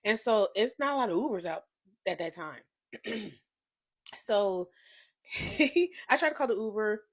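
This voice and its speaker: A woman in her thirties telling a confession story on her vlog, animated and profane, swinging between hushed and loud. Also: mid-range voice, a little slow. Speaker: vlogger.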